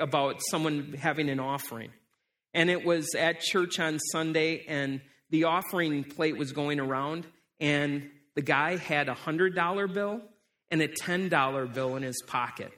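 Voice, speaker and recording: A man's voice: a little high, a bit bright. A man preaching a sermon in a conversational way, often repeating words as he restarts. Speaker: pastor.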